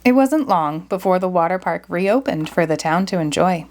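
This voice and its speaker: A woman reading a children's storybook aloud in a lively, expressive way. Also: lowish voice, normal speed. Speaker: storybook reader. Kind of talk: children's read-aloud narration.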